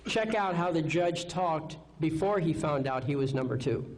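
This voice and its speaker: A man's voice: on the high side, animated, moderate pace, rough recording. A man giving a live seminar lecture, confident, asking rhetorical questions and checking in with "okay?". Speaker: seminar speaker.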